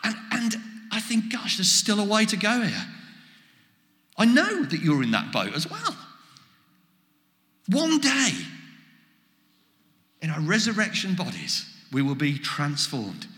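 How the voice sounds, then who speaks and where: A man preaching a sermon, animated, acting out quoted exchanges as he goes. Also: sits high, slow, long pauses. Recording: echoey hall with long reverb.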